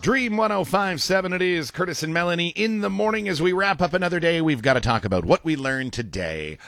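A man's voice: sits high, expressive, a bit bright. A man co-hosting a morning radio show, joking and bantering casually with his co-host. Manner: playful, jokey, quick to laugh. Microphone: studio microphone.

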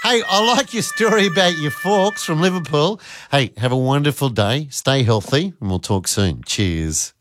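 A man in his fifties hosts a morning radio show, joking and chatting with callers. His pitch swings widely as he talks. The sound is dry and close. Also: moderate pace, hardly any pauses, no echo. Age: 50s. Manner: chatty, jokey and animated. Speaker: radio host. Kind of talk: casual radio chat with callers. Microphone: studio microphone.

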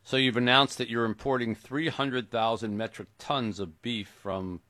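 A man hosting a comedy interview, asking brisk mock-serious questions. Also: medium pitch, steady tone, pushed and bright, dry recording. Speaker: radio host.

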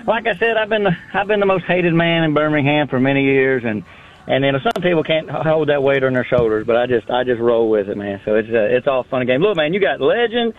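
A man calling in to a radio show, talking in a lively, folksy way and repeating phrases for emphasis. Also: medium pitch, fast talker. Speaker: caller. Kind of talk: casual phone-in chat. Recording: dry tinny phone line.

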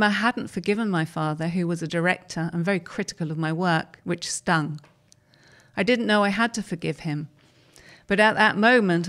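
Steady woman reading articles aloud, lowish voice. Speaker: reader of articles.

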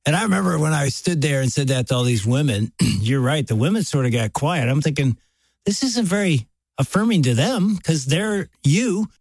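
A middle-aged man co-hosting a casual talk in a relaxed, joking way. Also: fairly high pitch, moderate pace, no echo. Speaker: co-host. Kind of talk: casual chat.

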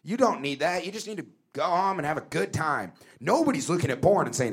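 A man doing a stand-up set, rambling and emphatic, shouting his punchlines. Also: a little high, big pitch swings, a little fast, hardly any pauses, breathy edge. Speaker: stand-up comedian.

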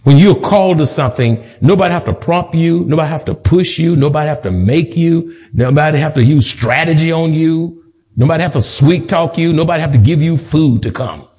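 Slightly high, slightly quick, and mellow, a man's voice carries a sermon through a church sanctuary. The pastor drives home his points with rhythmic repetition that mounts to emphatic peaks, lightened now and then by a joke.

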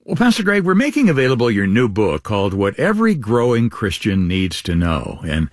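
A man co-hosting a radio ministry program, upbeat announcing with wide pitch swings. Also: huge pitch swings, brisk, no echo, studio quality.

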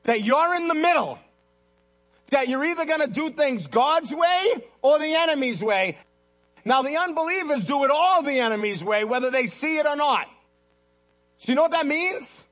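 Impassioned high-voiced male preacher. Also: lively intonation, moderate pace, a bit bright, faint music behind. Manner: impassioned, swinging between soaring emphasis and low earnest asides; preaches in rhetorical questions. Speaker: pastor. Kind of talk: sermon. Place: church, in front of a congregation.

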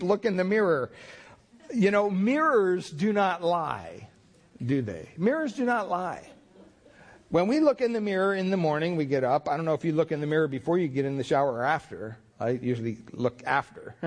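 A pastor preaching a sermon in a folksy, storytelling way, with many fillers and repeated words. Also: male voice, a little high, husky.

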